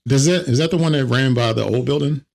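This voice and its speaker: A man co-hosting a comedy podcast, telling stories in an animated way and mimicking the people in them. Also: mid-range voice, quick pace, creaky, noisy background. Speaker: podcast co-host. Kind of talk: casual comedic chat.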